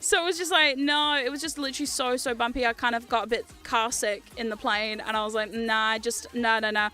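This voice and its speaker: A young woman with a New Zealand accent, chatting casually as a livestream host, animated and quick to swear and laugh. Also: fairly high pitch, soft background music. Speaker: streamer.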